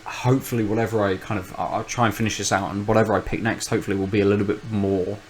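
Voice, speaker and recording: A man's voice: lowish voice, little pitch movement, racing, a little hiss or hum, poor audio. A man, co-host of a podcast, in casual chat, rambling and thinking aloud with many restarts.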